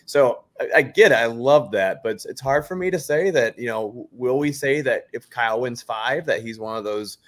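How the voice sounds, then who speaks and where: A man's voice: mid-range voice, moderate pace, hardly any pauses. A man co-hosting a recap podcast, thoughtfully hedging his opinions in casual chat. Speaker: podcast co-host.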